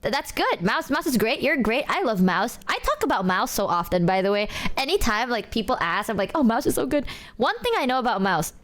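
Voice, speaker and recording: A young woman streamer telling stories casually to her chat, animated, stammering and swearing freely. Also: a little high, fairly quick. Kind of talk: casual reaction-stream storytelling.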